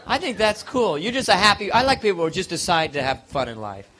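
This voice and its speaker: A man's voice: high voice, big pitch swings, fairly quick, a crowd in the background, noisy background. A man doing a live stand-up comedy set on a club stage, playful and self-mocking.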